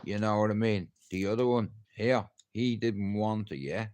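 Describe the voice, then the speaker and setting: A man's voice: on the low side, moderate pace. A middle-aged man with a Dublin accent telling a street story on a casual livestream, acting out the people in it. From Ireland. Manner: animated, acts out the people in his story. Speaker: livestream host.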